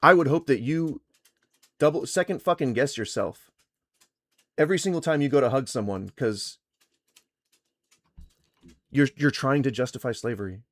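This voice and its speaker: A man streaming live, arguing heatedly with chat, swearing and lecturing, his voice going hoarse from shouting. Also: mid-range voice, moderate pace, long pauses, no echo. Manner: angry, profane, lecturing. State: losing his voice. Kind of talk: heated livestream argument.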